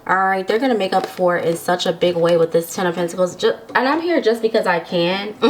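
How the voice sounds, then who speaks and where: A woman's voice: mid-range voice, a little fast, a little hiss or hum. A woman giving a casual tarot reading to viewers, chatty and giggly, often checking in with the listener. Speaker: tarot reader.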